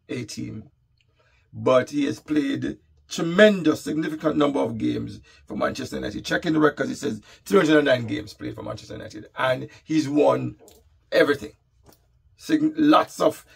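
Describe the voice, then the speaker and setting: Gravelly, husky man commenting on football. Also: mid-range voice. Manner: wry, animated, reads out lists. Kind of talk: casual commentary monologue.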